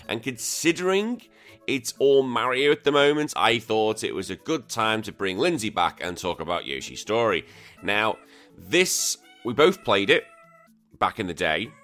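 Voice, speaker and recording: A man's voice: lowish voice, bright, forceful tone. Chatty, self-mocking British man hosting a podcast. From United Kingdom. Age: adult with a young daughter. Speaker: podcast host. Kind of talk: casual podcast intro.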